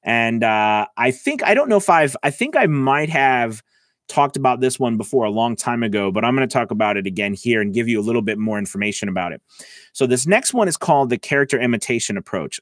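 A man giving a casual voice-over lesson, talking into a close mic and filling pauses with "all right" and "okay". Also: medium pitch, dry recording. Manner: chatty, lots of "all right" and "okay" fillers. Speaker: voice-over coach. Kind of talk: casual tutorial talk. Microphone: close mic, about six inches away.

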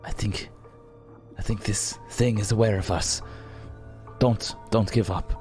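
A man at a tabletop game speaks in character in his own low voice, cautious and urgent as he plans the next move. Faint music plays underneath. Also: fairly even intonation, a little slow, mellow. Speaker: player.

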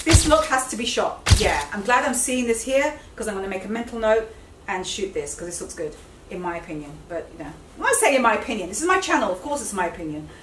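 A woman's voice: medium pitch, a little hiss or hum. Chatty woman in a roomy room. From Britain. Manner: chatty and enthusiastic, often self-correcting. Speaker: fashion vlogger. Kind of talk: casual chat to camera. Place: indoors at home. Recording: roomy, slightly distant home recording.

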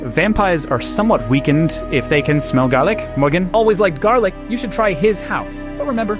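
A man's voice: high-pitched, animated, brisk, over music. An AI clone of a man's voice playing a drunk old male vampire-hunting doctor in a game, slurred and rambling.

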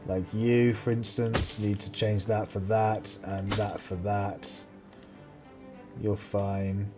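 A man commentating his own strategy gameplay, swearing freely and getting loud when the fight turns. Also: lowish voice, slow pace, over music. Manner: excitable, swears a lot, mocks enemies. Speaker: let's play host.

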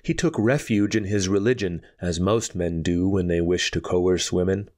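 Low-voiced man narrating a pulp story. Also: moderate pace, darkish tone. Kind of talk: audiobook narration.

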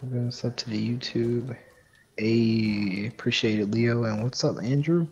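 A man's voice: medium pitch, unhurried, darkish tone, breathy edge, dull audio. A man streaming a game, chatting casually and chuckling with a teammate. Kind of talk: casual gaming chat.

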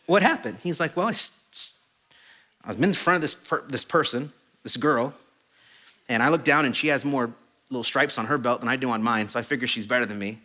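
Animated, bright-voiced male pastor. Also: medium pitch, fairly quick. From Mexican heritage. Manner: animated, self-deprecating storytelling with laughs. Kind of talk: storytelling sermon. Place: church auditorium.

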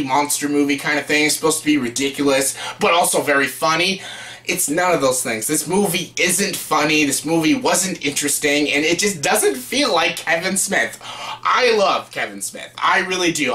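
Young Canadian man, sharp bright voice, blunt sarcastic reviewer who swears freely. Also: a little high. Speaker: movie reviewer. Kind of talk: casual spoken movie review.

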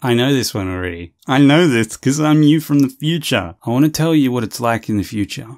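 Foul-mouthed guy doing reaction commentary, mocking, animated pitch. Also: fairly quick. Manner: brash, sarcastic, swears constantly. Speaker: YouTuber reacting to a video.

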